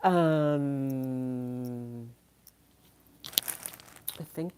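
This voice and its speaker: A woman's voice: rumbling low, extremely slow, mellow, clear, resonant tone. A woman running a casual live-stream auction, chatty and thinking aloud, laughing often and a little tired. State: tired, yawning.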